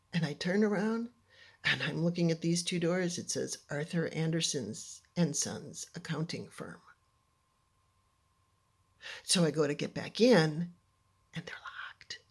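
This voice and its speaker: A husky, slightly low-pitched woman tells a personal story to a listening audience. She is animated and dramatic, swinging between lively bursts and hushed near-whispers.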